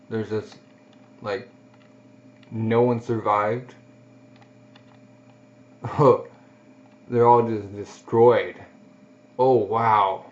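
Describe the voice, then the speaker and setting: A man's voice: lowish voice, little pitch movement, drawn-out words, pauses often. A man giving casual, reactive commentary while he reads a manga aloud, on a dull lo-fi recording. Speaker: manga reader. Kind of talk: casual read-along commentary.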